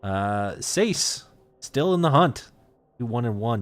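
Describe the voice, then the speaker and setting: A man's voice: on the low side, big pitch swings, a little slow. A man hosting a casual esports talk show, laid-back, with many uh and um fillers as he talks. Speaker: host.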